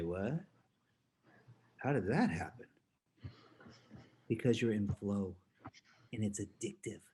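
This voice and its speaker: Lively, laughing motivational speaker man. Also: on the low side, slight background noise. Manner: animated, laughs often, acts out voices in his stories. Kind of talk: motivational talk.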